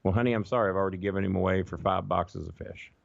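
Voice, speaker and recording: Guy, middle-aged, low gravelly voice, swearing his way through long stories, dry dull lo-fi sound. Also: steady tone, fast talker, no echo. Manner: profane, rambling anecdotes, acts out quoted voices. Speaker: podcast guest. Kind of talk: casual storytelling chat.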